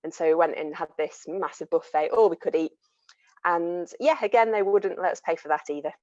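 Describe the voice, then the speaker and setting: A woman's voice: lowish voice, fairly quick, a little mellow, no room sound, dull audio. A woman on an online panel, telling a travel story in a chatty way with frequent laughs, heard through a video call.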